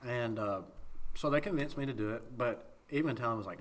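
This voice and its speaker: A man's voice: mid-range voice, fairly quick. A young man, telling a story about driving at night on a podcast. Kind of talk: casual storytelling.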